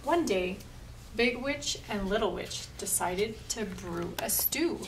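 A woman reading a picture book aloud at a library storytime, slow and expressive. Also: medium pitch, distant mic, noisy background.

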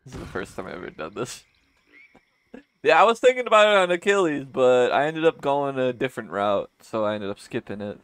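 A man gives casual commentary while playing a video game. He swears freely, reacts excitedly, and his voice rises and falls in lively swings. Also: medium pitch, fairly quick, clear, resonant tone, no room sound. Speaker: streamer. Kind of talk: gaming commentary.

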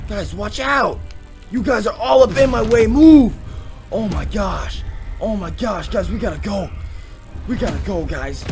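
A young man hosting a let's play, jumpy and shouting when startled, then taunting with slangy mock bravado. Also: sits high. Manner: mock-brave taunting and slangy banter with viewers. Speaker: gaming video host.

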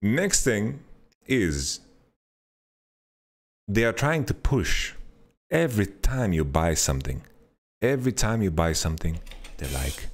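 A man hosting a podcast, telling a rambling story in an animated, sweary way and playing out his own thoughts. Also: measured pace, pauses often. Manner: animated storytelling, swears freely, mimics himself with pitch jumps. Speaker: podcast host. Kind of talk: casual rambling monologue.

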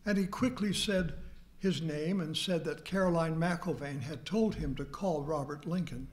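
Slow, higher-voiced older man lecturing. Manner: slow, deliberate storytelling with quoted dialogue. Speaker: history professor lecturing. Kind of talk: storytelling lecture.

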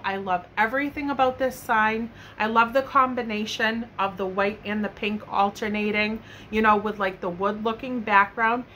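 A young woman with a bright, fairly high voice gushes over her finds in a casual home vlog. She talks in an enthusiastic, chatty way, full of loves and likes. The recording is made on a camera mic in her bedroom, with a faint hum of room ambience behind her. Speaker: haul vlogger. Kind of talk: casual product show-and-tell.

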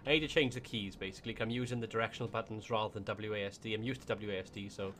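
A man's voice: fairly low pitch, steady tone, racing, fairly bright tone, a little hiss or hum. A man with a Welsh accent giving casual gameplay commentary, thinking aloud as he plays. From Wales. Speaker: gaming YouTuber.

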